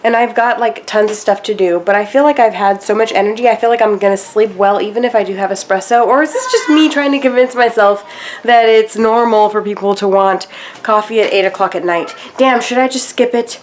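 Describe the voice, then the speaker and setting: Talking a little fast in a medium-pitched voice, a woman in her home kitchen narrates her own cooking and eating for a casual vlog, describing every step in a chatty way. A slight hiss or hum runs underneath.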